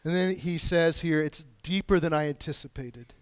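A man preaching a sermon, pleading with his listeners and swinging between hushed, quiet stretches and loud, emphatic lines. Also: on the high side, moderate pace, clear, resonant tone, no echo. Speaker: pastor.

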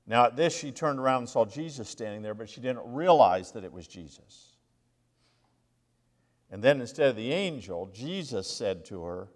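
A male minister preaching a sermon, reading scripture aloud with dramatic pauses and emphasis. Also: medium pitch. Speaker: interim lead minister. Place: church sanctuary. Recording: long reverb of a large hall.

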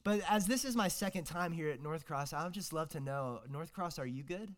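A man's voice: on the high side, animated, brisk. A young man, preaching a casual, joking sermon as a guest preacher, full of fillers and restarts.

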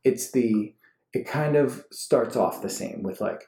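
A man in his thirties co-hosting a podcast from home, his voice mellow and dark even when he gets worked up. He talks in an animated, ranting way, and the room around him sounds echoey. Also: medium pitch, takes it slowly, gravelly. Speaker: podcast co-host. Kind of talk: casual chat with spouse. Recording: roomy home recording.

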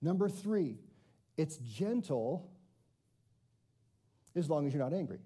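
A man's voice: on the high side, very animated, takes it slowly, warm tone, slightly rough. A man preaching a conversational sermon to his congregation, self-deprecating and often asking them questions. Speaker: pastor.

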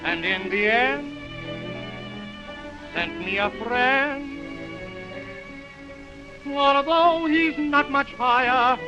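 A high-voiced crooner over violins. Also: male voice, drawn-out words, pauses often, highs cut off, over music, exaggerated voice. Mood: tender. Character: young male nightclub singer crooning a sentimental ballad. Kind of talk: early sound film song. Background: orchestra with violin.

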